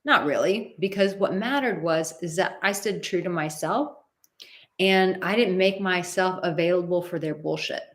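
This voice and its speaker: Blunt, animated woman giving advice. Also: on the low side, moderate pace. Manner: blunt and animated, acts out quoted voices, swears. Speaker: relationship advice host. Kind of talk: live-stream advice talk.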